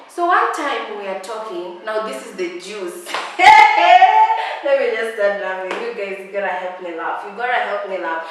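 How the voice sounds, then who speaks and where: A woman's voice: mid-range voice, fairly bright tone, recorded from a distance, slight background noise. A young Kenyan woman with a sassy, dramatic, mocking way of talking, ranting through a casual storytime. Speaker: vlogger. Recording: very echoey room, voice off-mic.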